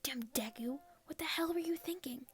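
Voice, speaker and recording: A woman reading aloud and voicing a brash, hot-tempered young man who curses and shouts insults. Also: sits high, normal speed, voice pushed up, natural voice. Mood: angry. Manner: brash, cursing.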